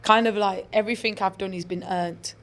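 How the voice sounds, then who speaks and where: A woman's voice: mid-range voice, a little fast. A woman, a professional footballer chatting as a guest and animatedly acting out the people in her stories. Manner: animated storyteller, acts out quoted people. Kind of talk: casual interview chat.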